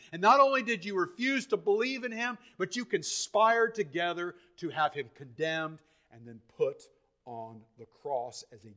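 A male preacher with a notably high voice delivering a sermon. He speaks with fervor, often repeating words and restarting phrases, and swings between quiet, low passages and loud, emphatic peaks.

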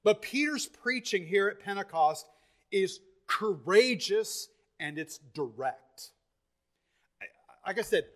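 A man preaching a sermon with fervor, repeating and restarting phrases as he builds to loud, emphatic peaks. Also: sits high, animated, slow.

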